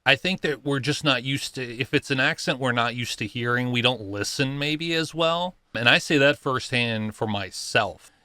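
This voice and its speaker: A man hosting a reaction video, musing in an easygoing way with frequent pauses. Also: medium pitch, bright, forceful tone, no echo, clean studio sound. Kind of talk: casual reaction commentary.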